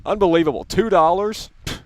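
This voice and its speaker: A man's voice: high-pitched, brisk. A young adult man hosting a gaming livestream, ranting bluntly and casually with lots of swearing. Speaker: livestream host.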